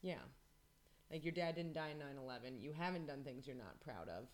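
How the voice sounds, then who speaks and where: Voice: medium pitch, lively intonation, fairly quick. Teasing, rambling comedian host. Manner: teasing, rambling, full of restarts. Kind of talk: casual chat.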